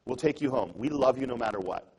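Husky young guy giving a talk, earnest storytelling, mid pitch, does the voices of people in the story. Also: lively intonation, fast talker, darkish tone, low-quality recording. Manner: earnest and conversational, acts out quoted dialogue. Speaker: public speaker. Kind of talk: storytelling talk to a live audience.

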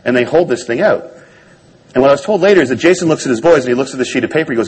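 A man with a slightly husky voice tells a personal story to an audience, speaking at a brisk clip. His delivery is wry and self-deprecating, the manner of a stage talk. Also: medium pitch, expressive, low-quality recording.

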